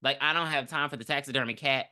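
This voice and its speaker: A woman's voice: extremely low pitch, quick pace. A woman co-hosting a casual movie-review podcast, retelling the plot with a lot of energy, acting out lines and swearing freely. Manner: animated, acts out characters' lines, swears freely. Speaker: podcast co-host. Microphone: podcast mic.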